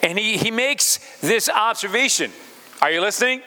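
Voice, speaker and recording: A man's voice: high voice, animated, moderate pace, pushed and bright, long reverb tail. A pastor preaching a sermon, speaking straight to his congregation and asking them questions as he goes.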